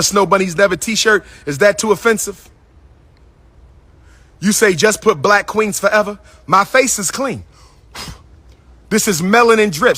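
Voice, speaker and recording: Playful high-voiced man riffing on a livestream. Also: pushed and bright, no echo. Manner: playful, repetitive, sing-song calling out to viewers. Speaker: livestream host. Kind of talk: casual livestream talk to viewers. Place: indoors at his school building.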